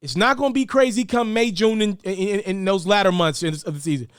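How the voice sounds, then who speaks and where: A man giving casual, animated basketball commentary, often repeating words and jumping up in pitch for emphasis. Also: a little fast, smooth, dry recording, studio quality.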